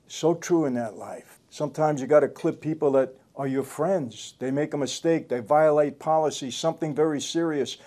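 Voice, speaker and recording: A man's voice: on the high side, normal speed, few pauses, mellow. An older man hosting his own show, telling stories in a casual way and repeating phrases for emphasis. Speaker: host. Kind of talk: casual storytelling commentary.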